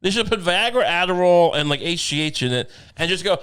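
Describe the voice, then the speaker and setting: A man with a high-sitting, slightly bright, clean voice speaks at a moderate pace. He co-hosts a comedy podcast, bantering casually in a rambling, profane style full of absurd jokes.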